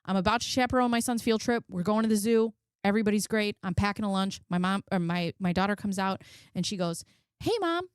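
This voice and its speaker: A woman in her forties tells a personal story on her commentary channel, talking casually and bluntly with plenty of swearing. She is emotional and close to tears, her smooth mid-range voice moving at a moderate pace with lively intonation. The studio sound is clean, with no echo.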